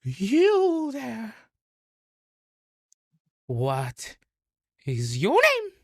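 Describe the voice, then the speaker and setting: A man's voice: very high voice, huge pitch swings, very slow, gravelly, no echo, studio quality, voice pushed up, full character voice. A man voicing a haughty bullywug queen, a female frog creature, in a commanding, menacing tone. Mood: imperious.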